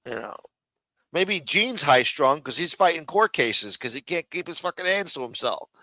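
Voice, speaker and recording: A man's voice: a little high, big pitch swings, normal speed, bright, forceful tone, no echo, poor audio. A man hosting a live stream, ranting and mocking in casual, profanity-heavy talk. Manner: profane, mocking, rambling rant.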